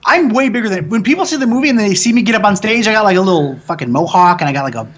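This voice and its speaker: A man, a film director, telling stories in a casual interview, excitable and cursing freely as he jokes. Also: high voice, rapid-fire, dull audio. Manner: excitable, swears freely, jokey storytelling.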